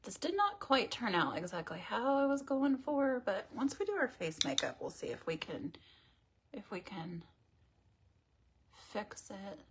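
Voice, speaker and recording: A woman's voice: mid-range voice, very animated, measured pace, slight background noise. A woman hosting a casual makeup tutorial livestream, chatting and rambling to her viewers as she works. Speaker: beauty livestream host.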